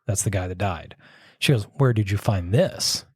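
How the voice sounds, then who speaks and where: A man's voice: lowish voice, moderate pace, breathy edge, dry recording. A man casually telling a long ghost story, rambling and circling back with "so anyways.". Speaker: podcast host telling a story.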